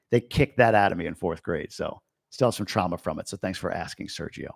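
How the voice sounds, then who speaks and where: A man's voice: low voice, a little fast, creaky, no echo, studio quality. An American man from Long Island hosting a casual live-stream, reading out viewer comments and answering them in a blunt, opinionated way. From Long Island, New York, USA. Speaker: host answering viewer questions.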